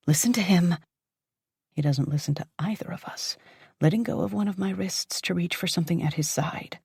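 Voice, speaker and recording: A woman narrating a dark romance audiobook in the first person, intense and dramatic, often dropping to a whisper. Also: on the low side, breathy edge, no echo, clean studio sound.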